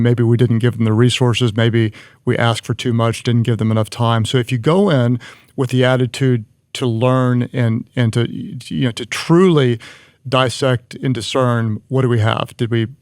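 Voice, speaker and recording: Man, earnest, gravelly, stammering restarts, dry close sound. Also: mid-range voice, steady tone, normal speed, darkish tone, no room sound. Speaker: guest. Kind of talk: conversational leadership advice.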